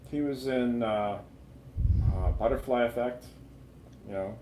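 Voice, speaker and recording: Male co-host, mid pitch, meandering talk full of "uh", echoey room, faint noise. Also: measured pace, warm tone. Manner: rambling, searches for titles with many fillers. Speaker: co-host of a film review show. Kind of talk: casual chat over drinks.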